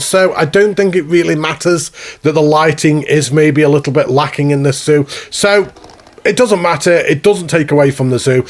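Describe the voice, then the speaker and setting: Chatty man narrating gameplay. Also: on the high side. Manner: chatty, rambling, self-mocking. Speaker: game video host. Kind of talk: casual gameplay commentary. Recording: faint background music.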